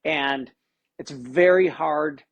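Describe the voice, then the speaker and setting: A man's voice: a little high, slow, dull audio. A middle-aged man, a tennis coach and podcast guest, talking casually and with animation, often repeating words as he starts a thought. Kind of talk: casual conversation.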